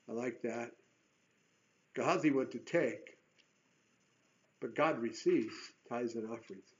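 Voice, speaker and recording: A man with a somewhat high-set voice works through a Bible chapter as a preacher. He reads the verses, then drops into casual, joking commentary. The recording is dull and lo-fi. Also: expressive, normal speed. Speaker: pastor.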